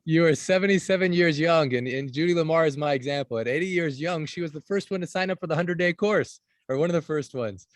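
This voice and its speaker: A man hosting a group video call who responds warmly and with affirming words, repeating phrases and laughing often. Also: on the high side, a little hiss or hum. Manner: affirming, repetitive, quick to laugh. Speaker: host.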